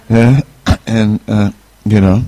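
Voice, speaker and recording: A middle-aged man speaks at a spiritual talk, relaxed and unhurried, with pauses and small chuckles. His voice sits low and has a gravelly edge. The recording is dry and close. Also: dry recording. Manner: relaxed, hesitant, chuckles while telling stories. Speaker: spiritual teacher. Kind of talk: informal talk with a personal story.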